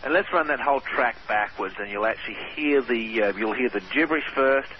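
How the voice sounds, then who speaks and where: A man's voice: medium pitch, fairly quick. An Australian man as a radio guest, explaining eagerly with many fillers. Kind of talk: radio interview. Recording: muffled radio broadcast with faint hiss.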